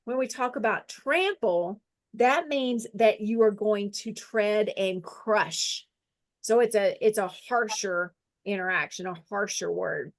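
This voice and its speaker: Slow-speaking woman leading a Bible lesson. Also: medium pitch. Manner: slow, deliberate dictation, repeating phrases; friendly, laughs at herself. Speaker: Bible study teacher. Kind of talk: guided scripture lesson with drawing.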